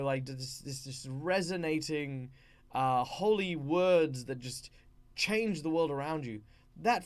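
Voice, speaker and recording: Rambling Australian guy explaining game tips. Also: a little high. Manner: rambling, with frequent fillers and restarts. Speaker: channel host. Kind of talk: casual explainer of tabletop role-play tips.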